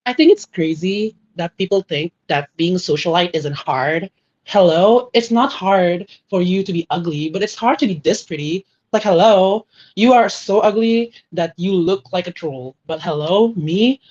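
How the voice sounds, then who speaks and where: A woman's voice: on the low side, lively intonation, normal speed, darkish tone. A woman playing a vain, scornful young socialite who talks in a whiny, exasperated way, leaning on "hello" and "like". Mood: scornful, bratty. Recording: muffled lo-fi recording.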